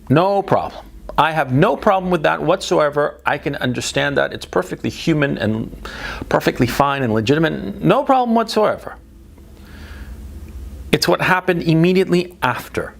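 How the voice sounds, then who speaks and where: Blunt, gravelly-voiced man ranting. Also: fairly high pitch. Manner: blunt, emphatic, profane. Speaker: video commentator. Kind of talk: opinionated monologue to camera.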